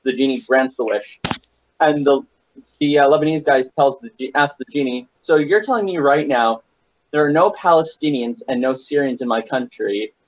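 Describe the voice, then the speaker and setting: Halting joke-telling man, lo-fi. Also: mid-range voice. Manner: halting, restarts, loose joke delivery. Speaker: podcast regular telling jokes. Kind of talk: casual group chat, telling jokes.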